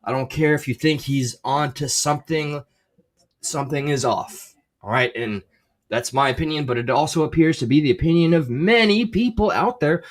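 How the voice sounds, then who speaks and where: A man giving reaction commentary in a measured, firm, critical way. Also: fairly high pitch. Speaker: commentary video creator.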